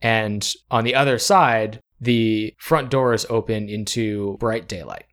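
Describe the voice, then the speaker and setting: Man, game master, fairly low pitch, calm descriptive narration, tabletop role-play. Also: unhurried.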